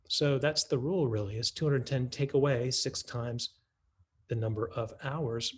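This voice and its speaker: At a conference, a math curriculum presenter models a math lesson in a teacherly manner, thinking aloud with restarts and rhetorical questions. His mid-range voice has a darkish, breathy edge and a moderate pace.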